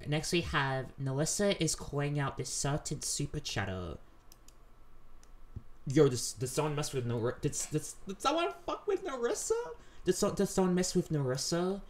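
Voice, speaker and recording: A woman's voice: sits low, very animated, moderate pace. A woman hosting a reaction video, talking casually and rambling with many fillers and restarts. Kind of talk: casual commentary over clips.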